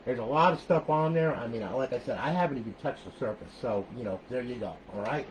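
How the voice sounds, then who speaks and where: A man's voice: medium pitch, fast talker, a little hiss or hum, poor audio. An older man casually walking through a modded game console setup, rambling and chatty, tagging lines with "okay?" and "all right" and swearing now and then. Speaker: console modder showing a build. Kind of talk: casual tutorial walkthrough.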